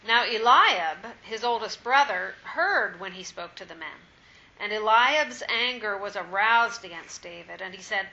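A woman reading scripture aloud in a steady, measured way during a Bible study. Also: medium pitch, lo-fi sound. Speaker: scripture reader.

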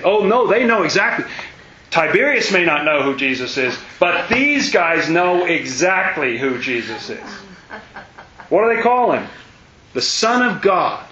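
Animated man leading a Bible study. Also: high-pitched, normal speed. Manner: animated, exclamatory, rising sharply when excited. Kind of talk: casual Bible study teaching. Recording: dull, roomy, faint hiss.

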